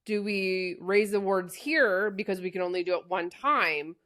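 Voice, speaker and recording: A woman's voice: medium pitch, moderate pace, a bit bright. Explaining woman podcast co-host. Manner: explanatory, correcting details. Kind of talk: casual book chat.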